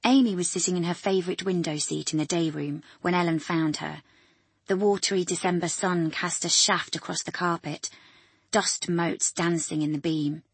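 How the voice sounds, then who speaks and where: A woman reading an audiobook in a measured, even storytelling manner. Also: fairly low pitch, husky, dry recording. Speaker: narrator. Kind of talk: audiobook narration.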